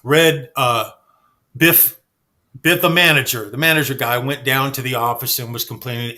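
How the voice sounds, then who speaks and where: Man, casual storyteller, bright voice, slightly high pitch, animated, swears. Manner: animated, acts out quoted dialogue, swears freely. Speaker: guest storyteller.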